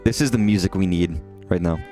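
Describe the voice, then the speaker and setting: A man's voice: low voice, fairly quick, faint music behind. A man chatting casually while streaming a game, rambling and swearing freely. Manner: rambling, profane, animated. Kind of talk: casual gameplay livestream chat.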